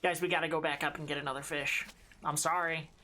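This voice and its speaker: Streamer, live gameplay commentary, bright forceful tone, talks to chat, frequent swearing. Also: mid-range voice, level tone, fast, a little hiss or hum.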